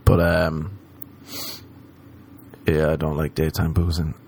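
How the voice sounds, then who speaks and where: A man's voice: rumbling low, slow pace, creaky, a little hiss or hum. A man from Ireland with an Irish accent, casually telling a comic story, swearing a lot and acting out the voices of the people in it. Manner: animated, swears a lot, acts out quoted voices.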